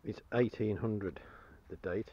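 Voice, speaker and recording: A man's voice: lowish voice, steady tone, takes it slowly, muffled recording. A man chatting cheerfully to the camera as he metal-detects outdoors, chuckling and enthusiastic about each find. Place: outdoors in a field.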